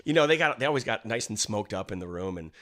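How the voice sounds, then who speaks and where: A young man co-hosting a casual podcast with a bright, forward voice. His pitch swings widely as he tells his story, animated and often laughing. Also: fast talker. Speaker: podcast co-host.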